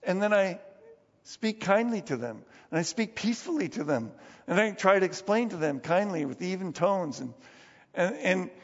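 Male pastor, high voice, chatty storytelling sermon, long church reverb, dull lo-fi recording. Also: fairly bright tone, breathy edge. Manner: storytelling with chuckles and restarts. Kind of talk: conversational sermon.

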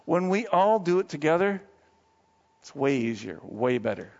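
A man with a high voice preaches to his congregation, chatty one moment and fired up the next. His words ring out with a long church reverb. The sound is dull and a bit muffled. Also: normal speed, creaky. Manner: conversational and animated preaching, swinging between low asides and excited outbursts. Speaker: pastor. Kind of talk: sermon. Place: church sanctuary.

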